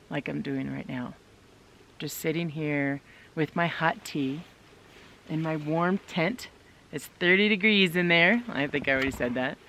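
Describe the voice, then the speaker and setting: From inside a tent in snowy woods, a woman camping alone in winter talks to camera in a casual, upbeat way. Her low voice is a bit bright, and there's a little hiss or hum.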